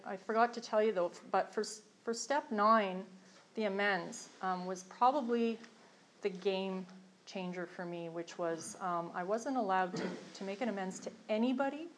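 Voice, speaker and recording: Candid middle-aged woman sharing her story. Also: mid-range voice. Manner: candid, rambling, self-deprecating humor. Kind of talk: personal testimony at a meeting. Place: meeting room with a group.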